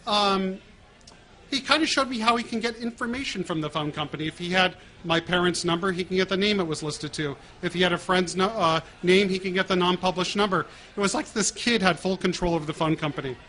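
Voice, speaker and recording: A middle-aged American man telling stories in a lively way, acting out prank calls and laughing along. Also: high voice, fairly quick, a little hiss or hum. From United States. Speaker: guest speaker. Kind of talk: storytelling talk.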